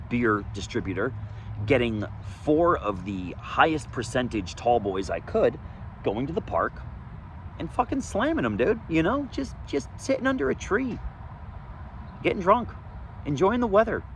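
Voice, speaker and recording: A man telling his own story in a candid, profane monologue outdoors, swinging between loud emphasis and low muttering. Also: sing-song, measured pace, slight background noise. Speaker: vlogger sharing his recovery story. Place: outdoors, sunny day.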